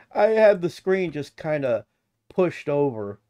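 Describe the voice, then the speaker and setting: A man's voice: fairly high pitch, big pitch swings, takes it slowly, dark tone. A man from the United States giving casual reaction commentary, profane and mocking, rambling as he goes. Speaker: reaction video host.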